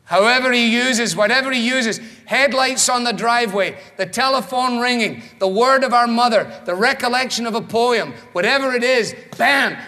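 A man preaching a sermon in a rhetorical, animated manner, acting out the voices he quotes. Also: very high-pitched, moderate pace, few pauses, big-room sound.

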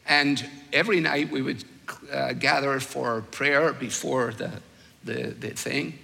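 An older man preaching a sermon, telling stories with wry humor and slow, weighed emphasis. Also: mid-range voice, fairly even intonation, gravelly, bright, forceful tone, long reverb tail.

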